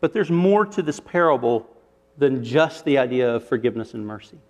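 A man's voice: medium pitch, lively intonation, brisk. A man preaching a sermon, retelling a parable with rhetorical questions and shifting emphasis. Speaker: pastor.

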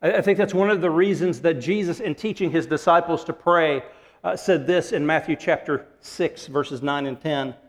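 Animated male pastor in a reverberant hall. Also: on the high side, moderate pace. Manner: animated, acts out quotes and laughs often. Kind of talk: sermon.

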